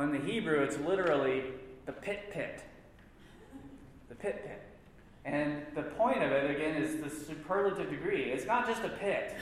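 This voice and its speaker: A man's voice: on the high side, a little hiss or hum. A man teaching a church Bible class, stressing points by repeating words. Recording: echoey room with long reverb.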